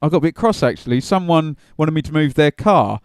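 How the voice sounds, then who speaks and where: Man, podcast co-host, smooth, fairly high pitched. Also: brisk, no room sound, clean studio sound. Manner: chatty, animated storyteller. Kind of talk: casual football podcast chat.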